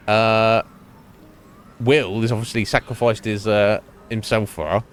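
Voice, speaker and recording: A man's voice: lowish voice, very animated, moderate pace, a little hiss or hum. A man streamer giving casual gameplay commentary, chatty, laughing often, with lots of fillers.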